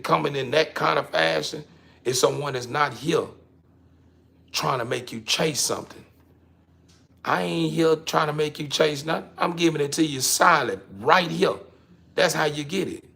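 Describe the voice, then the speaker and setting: A man with a fairly high, gravelly, husky voice hosts his own show, giving a casual, emphatic monologue to the camera. He keeps repeating himself and swings between loud and quiet.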